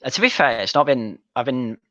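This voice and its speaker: Brisk and animated, a young Manchester man banters bluntly and sweary while streaming a game, his medium-pitched voice carrying a sharp tone. The lo-fi recording has no echo.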